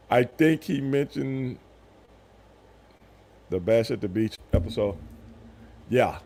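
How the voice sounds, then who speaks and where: A man in his fifties chatting casually on a live stream, telling animated stories with loud voiced outbursts. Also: medium pitch, very slow, pauses often, husky. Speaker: streamer host.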